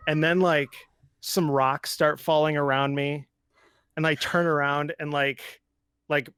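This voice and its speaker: A man guest on a podcast, telling a relaxed story in a casual group chat. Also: a little high, measured pace, clear, resonant tone, dry recording.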